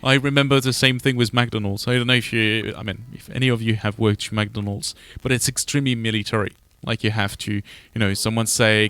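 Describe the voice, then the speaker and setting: A man hosting a casual podcast chat, halting and laughing often. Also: fairly low pitch, flat delivery, fairly bright tone, clear, resonant tone. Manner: halting, many restarts and laughs. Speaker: podcast host.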